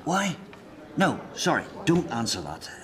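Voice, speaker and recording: A man's voice: fairly high pitch, wildly swooping pitch, unhurried. An actor playing a guarded, sardonic man in prison. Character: man in prison, gruff and defensive.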